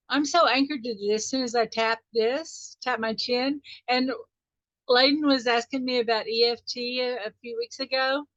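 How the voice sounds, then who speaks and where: A woman hosting a live online coaching session, talking warmly and straight to her listeners and stretching out musing questions, heard over dull call audio. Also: a little high, no room sound. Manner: warm, encouraging, talks straight to listeners. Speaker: wealth mindset coach hosting a weekly group. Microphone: video call microphone.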